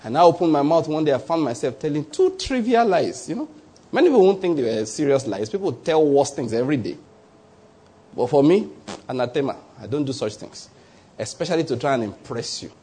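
A Nigerian man preaching a sermon as pastor, lively and conversational, acting out small voices and often checking that the listener follows. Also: fairly high pitch, a little fast, breathy edge.

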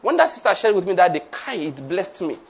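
Preacher, rhythmic declarations. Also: male voice, sits high, very animated, a little fast, husky. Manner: leads the congregation in call-and-response declarations. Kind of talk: sermon.

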